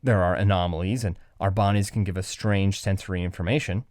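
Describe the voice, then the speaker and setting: A man hosting a podcast, explaining philosophy in an animated, conversational way and acting out little voices. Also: deep voice, brisk, dry recording, clean studio sound. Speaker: podcast host.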